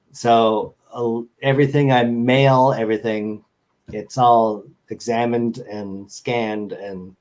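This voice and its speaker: A man's voice: medium pitch, a little mellow, a little hiss or hum. A man chatting as a guest on a show, rambling and joking as he tells stories over a video call. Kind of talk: casual chat.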